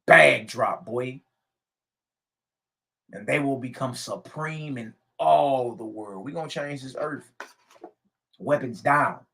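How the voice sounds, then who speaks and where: A man's voice: mid-range voice, slow, creaky, long pauses, bright, forceful tone. A man reading a spiritual text aloud and preaching on it emphatically, repeating phrases and adding slangy asides. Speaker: spiritual teacher.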